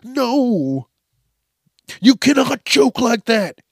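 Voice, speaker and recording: A man's voice: extremely high pitch, unhurried, no room sound, studio quality, pitched above the performer's own voice. A man voicing a famous male action star who protests and whines. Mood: protesting. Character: famous muscular male movie star, indignant.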